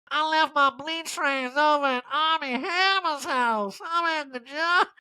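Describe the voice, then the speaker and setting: A woman doing a comic impression of a self-pitying reality-star diva with a slow, teary, whiny drawl. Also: sits high, pushed and bright, dry recording, pitched above the performer's own voice, heavily acted, low-quality recording.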